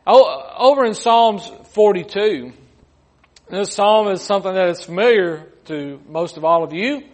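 A man's voice: sits high, lively intonation, a little slow, darkish tone. A man preaching a sermon in a folksy way, often repeating his words and adding humorous asides.

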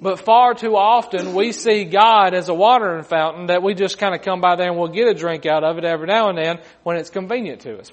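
High-voiced folksy preacher. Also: male voice, a little fast, hardly any pauses. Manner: folksy, repeats words, humorous asides. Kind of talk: sermon.

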